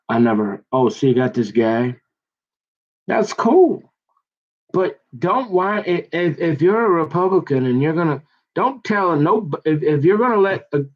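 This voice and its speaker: Casting: man, slightly high voice, rambling folksy talker who trips over restarts, muffled lo-fi recording. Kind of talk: rambling casual monologue. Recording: dull lo-fi sound.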